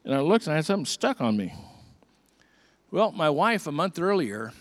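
A man's voice: on the high side, very animated, moderate pace. An older man, a pastor, preaching a conversational sermon with earnest repeated restarts.

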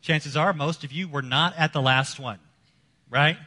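Male pastor, fairly high and bright voice, dramatic preaching, reverberant church hall. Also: measured pace. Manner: dramatic shifts between loud emphasis and hushed lows. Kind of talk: sermon.

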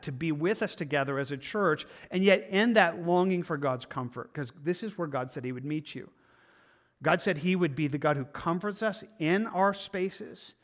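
Earnest preaching man, higher voice. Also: fairly bright tone. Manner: earnest, conversational preaching with acted-out inner voices. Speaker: pastor. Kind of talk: sermon.

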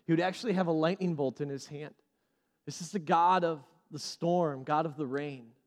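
A male pastor preaching a sermon, animated and repeating key phrases for emphasis. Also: fairly high pitch, moderate pace, in a large hall.

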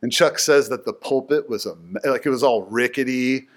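Male Bible teacher, casual and animated, filler-heavy storytelling. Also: mid-range voice, moderate pace.

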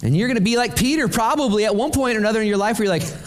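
A pastor with a fairly high voice preaches with energy and a chatty, direct style. His phrases build in quick runs and repeat for emphasis. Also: big pitch swings. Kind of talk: sermon.

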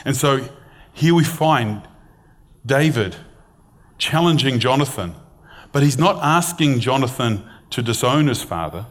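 A middle-aged man with a medium-pitched voice preaches a sermon in an expressive, unhurried way. He retells a scripture story conversationally, like a storyteller, and reads passages aloud.

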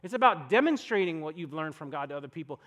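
A man's voice: a little high, animated, fast talker, a bit bright. A young adult man preaching a sermon in a conversational, storytelling way, full of rhetorical questions. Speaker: pastor. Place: church podcast recording.

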